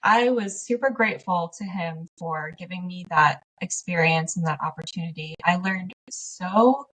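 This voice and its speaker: A woman's voice: on the low side, normal speed, fairly bright tone, a little hiss or hum. A woman guest on a podcast, telling stories animatedly, laughing often and acting out past conversations. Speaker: podcast guest, small business owner. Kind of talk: casual conversational interview. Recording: slightly distant from the mic.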